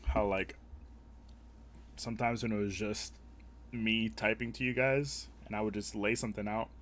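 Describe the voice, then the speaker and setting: A man's voice: on the low side, steady tone, moderate pace, a bit bright, slight background noise. A young man live-streaming a game, chatting casually with viewers in a crude, joking, rambling way. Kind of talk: casual gaming stream chat.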